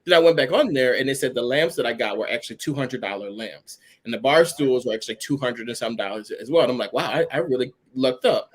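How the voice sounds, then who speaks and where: A man's voice: mid-range voice, fast, hardly any pauses. A man co-hosting a podcast, telling a long rambling story in casual chat and filling it with "or whatever". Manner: chatty, rambling, uses "or whatever" often. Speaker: podcast co-host.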